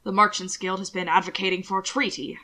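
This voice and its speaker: A portly, fussy old gentleman, put on by a woman reader blusters and frets with a bright, tense edge. He talks loud and high-strung, an anxious official in an audiobook drama. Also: steady tone, fast, natural voice. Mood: flustered. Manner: flustered, fretful, loud. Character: portly fussy older male official in a dress.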